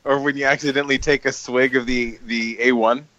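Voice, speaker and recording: A man's voice: mid-range voice, steady tone, fairly quick, a bit bright, no room sound, lo-fi sound. A man co-hosting a podcast, chatting casually and telling stories while laughing often. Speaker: podcast co-host. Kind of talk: casual chat.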